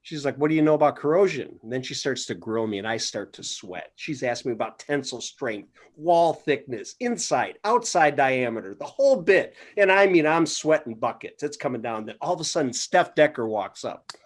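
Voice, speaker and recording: A man's voice: mid-range voice, expressive, moderate pace, hardly any pauses. A man co-hosting a podcast, telling a playful, exaggerated story to open the show. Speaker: podcast co-host. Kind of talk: casual storytelling intro.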